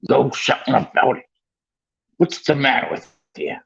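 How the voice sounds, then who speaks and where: A man voicing a huge, gruff gamekeeper in a storybook reading, in a near-normal voice. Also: medium pitch, lively intonation, normal speed, fairly bright tone, highs cut off, exaggerated voice. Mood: hushing. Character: huge gruff male gamekeeper, secretive and warm.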